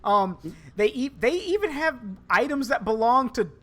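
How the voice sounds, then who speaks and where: A man with a higher-than-usual voice chats casually during a game stream. He tells anecdotes with an animated, amused delivery and laughs at his own jokes. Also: normal speed. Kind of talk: casual gaming chat.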